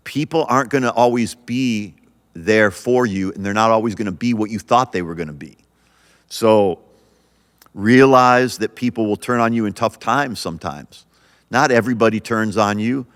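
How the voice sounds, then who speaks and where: A man's voice: medium pitch, fairly bright tone, long reverb tail. A male pastor hosting a podcast, talking earnestly and encouragingly, often restarting his sentences. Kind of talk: podcast sermon.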